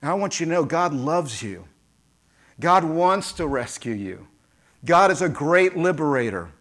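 A man preaching a sermon as pastor, lively and emphatic, acting out quoted voices and calling on the congregation. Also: a little high, a little slow.

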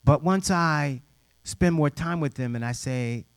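Animated middle-aged man telling stories. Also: a little high, unhurried, smooth, dry recording, studio quality. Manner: animated storyteller who acts out quoted voices; direct, plainspoken, informal grammar. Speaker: youth mentor. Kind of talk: personal storytelling to an audience.

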